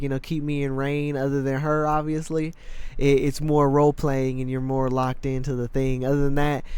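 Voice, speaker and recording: A man's voice: a little high, clear, resonant tone, dry recording. A man co-hosting a podcast, chatting casually in a slangy, rambling way and acting out the voices in his stories. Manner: rambling storyteller, slangy, acts out quoted voices. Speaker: podcast co-host.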